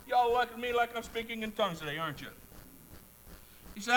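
A man's voice: high-pitched, fast talker, pauses often, a bit bright, rough recording. A man preaching a sermon, emphatic, repeating key words and putting questions to the congregation. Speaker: pastor.

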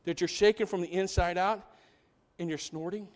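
A man preaching a sermon as pastor, animated, asking the congregation rhetorical questions and dropping into quiet asides. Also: high voice, normal speed.

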